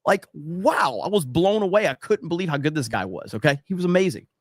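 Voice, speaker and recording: A man's voice: fairly high pitch, big pitch swings, fast, no echo, studio quality. A man hosting a casual livestream podcast, reading chat comments and ranting bluntly with plenty of profanity.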